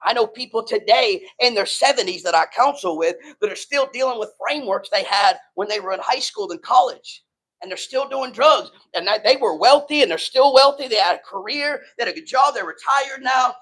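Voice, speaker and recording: High-voiced man preaching emphatically. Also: expressive, brisk, a bit bright, poor audio. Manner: emphatic, conversational preaching with frequent "right?" and "man". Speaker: pastor. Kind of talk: sermon.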